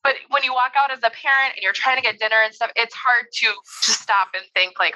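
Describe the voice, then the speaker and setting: Bright, lively woman telling a story. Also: on the high side, fast, hardly any pauses, poor audio. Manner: animated storytelling, laughs often, acts out her own quoted lines. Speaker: developmental therapist guest. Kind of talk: conversational podcast interview.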